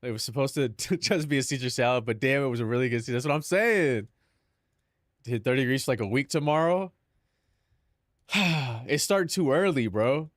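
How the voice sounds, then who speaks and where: A man's voice: mid-range voice, lively intonation, normal speed, pauses often, no echo, clean studio sound. A young man chatting casually on a live stream, joking and mock-dramatic with lots of filler words.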